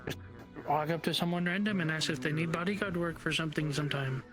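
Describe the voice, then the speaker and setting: Offhand, helpful man with a higher voice. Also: fast, over loud music. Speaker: local townsperson character giving directions. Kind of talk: in-character role-play chat.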